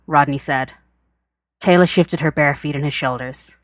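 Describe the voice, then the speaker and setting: A woman reading a fan story aloud in a steady narrating voice. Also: deep voice, normal speed, no echo, studio quality. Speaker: podfic reader. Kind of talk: scripted narration.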